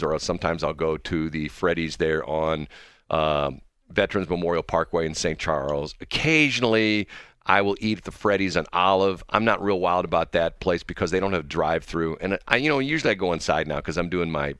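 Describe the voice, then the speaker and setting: A man's voice: sits low, fairly bright tone, clear, resonant tone, dry recording, clean studio sound. A man hosting a radio talk show, telling a rambling story with chuckles and self-deprecating asides. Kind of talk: casual storytelling chat.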